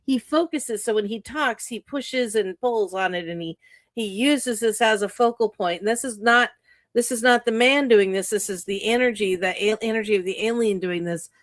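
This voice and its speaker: A woman co-hosting a casual stream, giving an animated spiritual pep talk that is full of swearing. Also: mid-range voice, moderate pace, no room sound, clean studio sound. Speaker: co-host, author. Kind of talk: casual motivational chat.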